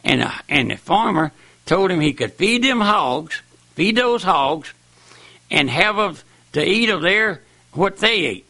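Gravelly old country preacher. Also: male voice, high voice, very animated, measured pace, sharp tone, dry recording. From raised on a farm. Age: older. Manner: folksy, rambling, preaching with rising and falling emphasis. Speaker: preacher on radio. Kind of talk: sermon.

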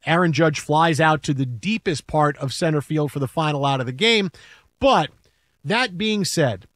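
A man hosting a sports talk show, telling stories casually and arguing his points with energy and quick restarts. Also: a little high, dry recording, studio quality. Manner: animated, quick restarts, acts out quotes.

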